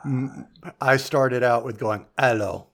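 A man hosting a podcast, chatting casually and playfully, with relaxed storytelling. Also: medium pitch, measured pace. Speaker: podcast host.

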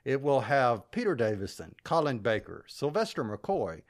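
An enthusiastic man hosts a casual podcast chat. He speculates freely and keeps turning questions over to his co-hosts. His voice sits at an ordinary mid pitch. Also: very animated, normal speed. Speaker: podcast host.

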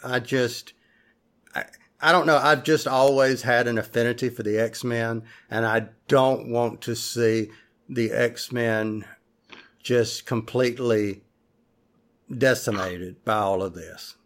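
Slow-talking male podcast host. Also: mid-range voice, steady tone. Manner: rambling, hesitant, many fillers and restarts. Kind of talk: casual chat.

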